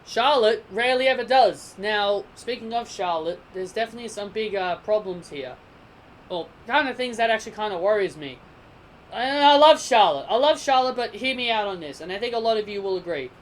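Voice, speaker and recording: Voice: mid-range voice, brisk. A wrestling show reviewer talking casually, who keeps correcting themselves and builds into emphatic rants. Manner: animated, gets heated and emphatic in rants; self-correcting, sidetracked chatter.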